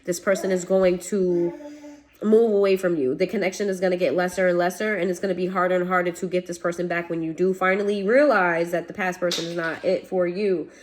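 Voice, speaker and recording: A woman's voice: on the low side, little pitch movement, a little fast, slight background noise. A woman giving a casual tarot reading to her viewers, blunt and swearing, laughing now and then. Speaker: tarot reader.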